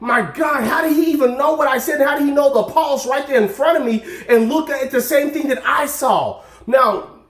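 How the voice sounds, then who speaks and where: A man telling a personal story in casual vlog style, emphatic and animated, often asking "guess what". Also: very high voice, moderate pace, reverberant. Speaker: vlogger.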